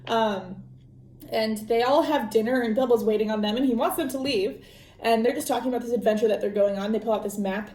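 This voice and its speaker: A chatty young woman with a fairly high voice, talking through a book as a podcast host. She rambles casually with plenty of fillers. The room around her is echoey. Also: a little fast, mellow. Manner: chatty, lots of ums and likes, laughs often.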